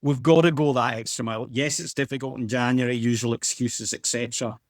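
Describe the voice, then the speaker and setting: A man's voice: mid-range voice, fairly even intonation, brisk, dry recording, studio quality. A man co-hosting a podcast, making an insistent case in casual chat and often restarting his sentences. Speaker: podcast co-host.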